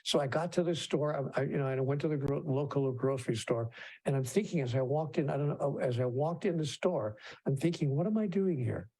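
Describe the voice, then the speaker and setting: A man's voice: medium pitch, brisk, a little mellow. A man telling a personal story as a conference speaker, often restarting sentences and acting out the voices of other people. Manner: anecdotal, with frequent restarts and acted-out voices. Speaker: keynote speaker and author.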